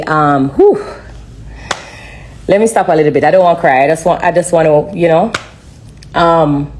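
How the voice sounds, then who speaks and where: A woman giving an earnest, halting personal testimony on a live stream, often repeating herself. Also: low voice, darkish tone, slight background noise. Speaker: livestreamer sharing a testimony.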